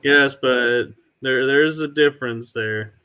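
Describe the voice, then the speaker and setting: A man co-hosting a podcast, asking questions in casual chat, with halting restarts and quick laughs. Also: medium pitch, pushed and bright, smooth, low-quality recording. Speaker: podcast co-host.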